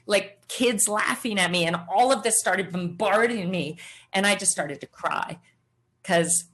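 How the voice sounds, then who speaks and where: Animated middle-aged woman telling her story. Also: on the low side. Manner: animated storyteller acting out quoted voices. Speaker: guest, former triathlete. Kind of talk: storytelling interview answer.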